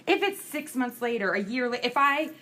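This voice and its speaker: A woman's voice: on the high side, expressive, normal speed, pushed and bright, a little hiss or hum. A woman in her thirties giving a casual lecture, candid and chatty, laughing through personal stories. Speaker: instructor. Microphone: screencast recording mic.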